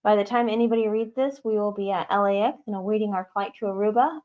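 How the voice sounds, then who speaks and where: A woman's voice: mid-range voice, fast talker. Woman reading viewer comments, slightly muffled audio. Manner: reads out chat messages, greets viewers warmly. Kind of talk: casual livestream chat. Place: home podcast studio. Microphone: not wearing her microphone.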